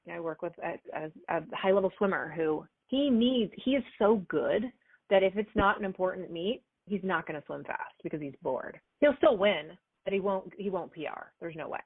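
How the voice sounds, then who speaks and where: A woman in her forties, a performance coach answering interview questions in an energetic, chatty way. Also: lowish voice, moderate pace, slightly rough, dry recording. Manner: energetic, chatty, acts out little quoted exchanges. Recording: dry, phone-like remote call audio.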